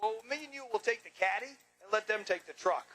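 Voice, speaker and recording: A man's voice: high voice, lively intonation, fast talker, pushed and bright, poor audio. A man announcing and interviewing racers in a drag strip winner's circle, joking and bantering with brash energy. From Long Island, New York. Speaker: track announcer.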